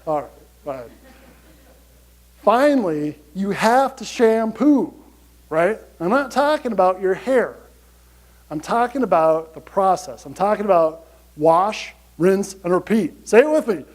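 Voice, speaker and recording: Brief: high-pitched male conference speaker, energetic, chatty, keeps checking in with the crowd. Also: a little slow, poor audio. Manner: energetic, chatty, repeats "you gotta" and "right?". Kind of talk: motivational conference talk.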